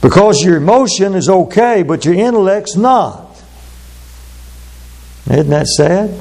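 A man preaching a sermon, speaking slowly and deliberately, then breaking into quick asides. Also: high voice, expressive, creaky, a little mellow. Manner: measured, drawn-out delivery with sudden fast asides.

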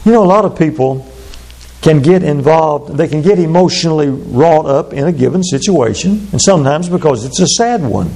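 A man preaching a sermon, speaking slowly and deliberately, then breaking into quick asides. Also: a little high, animated, mellow. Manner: measured, drawn-out delivery with sudden fast asides.

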